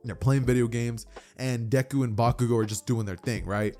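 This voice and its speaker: A man's voice: mid-range voice, fairly even intonation, fairly quick, mellow, soft background music. A man casually retelling a fan story as a YouTube narrator, chatty and full of "you know" and "like".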